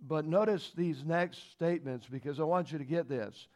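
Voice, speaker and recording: A man teaching a church Bible lesson in a fairly high voice. He talks folksy and plain, leans on rhetorical questions, and climbs louder and higher when he presses a point. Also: normal speed. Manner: emphatic, rises in pitch and volume when stressing points. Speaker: Sunday school teacher.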